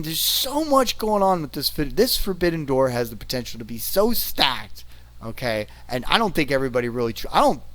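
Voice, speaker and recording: A man's voice: mid-range voice, a bit bright. Rambling man recapping wrestling matches. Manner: rambling, filler-heavy, checks in with "okay?"; laughs between points. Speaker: wrestling reviewer. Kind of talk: casual play-by-play recap.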